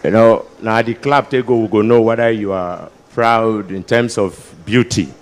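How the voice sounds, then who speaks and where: At a large ceremony before an audience, a man with a Nigerian accent performs stand-up comedy, bantering with the crowd, slipping into pidgin and bursting into sudden loud outbursts. His voice is lowish, with fairly even intonation at normal speed.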